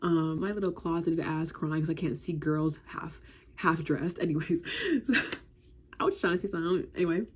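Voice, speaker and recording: A woman's voice: deep voice, expressive, moderate pace, darkish tone, husky. A woman in her twenties telling a casual storytime, chatty and slangy, with filler words in nearly every phrase.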